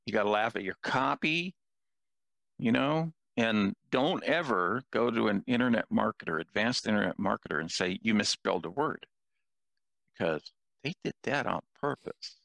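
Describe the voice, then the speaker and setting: Gravelly older man telling jokey stories. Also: on the low side, animated, moderate pace, a bit bright, dry recording. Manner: self-deprecating, jokey storyteller. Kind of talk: casual conversation.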